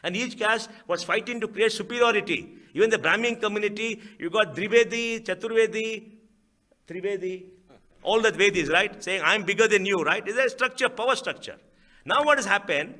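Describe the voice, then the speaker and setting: A man's voice: high-pitched, moderate pace, sharp tone. A middle-aged man with an Indian English accent, giving an emphatic public speech in a lecture hall, full of rhetorical questions and repeated phrases. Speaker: guest speaker.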